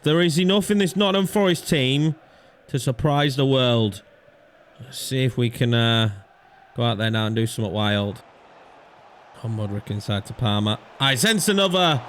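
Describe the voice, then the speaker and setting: A young man commentating his own football video game match in a chatty way, swinging between calm analysis and frantic pleading. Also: medium pitch, slight background noise. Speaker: gaming YouTuber. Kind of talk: live gameplay commentary.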